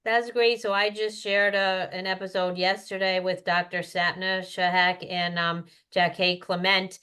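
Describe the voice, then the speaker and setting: A woman's voice: on the low side, flat delivery, unhurried, pushed and bright, clean tone. A woman hosting a podcast, responding in an affirming, conversational way. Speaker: podcast host.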